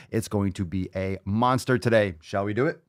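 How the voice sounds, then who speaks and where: A man's voice: on the low side, normal speed, no room sound, studio quality. A man hosting a casual livestream podcast, brash and profane, hyping people up and repeating phrases for emphasis. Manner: brash, profane, hyped-up gym talk. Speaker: podcast host.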